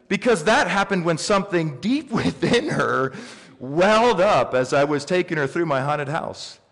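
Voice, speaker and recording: A middle-aged man preaching a sermon, telling stories with lively swings in pitch and pace. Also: moderate pace. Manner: animated storyteller with big pitch swings. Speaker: pastor. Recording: reverberant hall.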